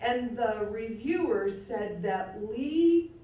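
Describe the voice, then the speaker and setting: A woman in her fifties stands before an audience and tells a wry, self-deprecating story from her student days. Her voice sits slightly high. She sounds distant from the microphone, and the hall around her rings with echo. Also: lively intonation, slow pace, warm tone. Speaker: alumna giving a tribute speech. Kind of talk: anecdotal speech to an audience. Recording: echoey hall, mic far off.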